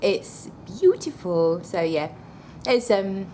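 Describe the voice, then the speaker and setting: A woman's voice: mid-range voice, sing-song, slow, dark tone, slight background noise. A woman reviewing perfumes in a casual vlog, chatty and gushing with blunt, apologetic asides.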